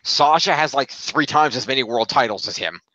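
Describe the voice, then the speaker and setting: A man recapping a wrestling match play by play for a podcast, steady and full of "uh" fillers. His voice comes through a dull, muffled mic in a dry, close space. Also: medium pitch, moderate pace, no echo. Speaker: podcast co-host.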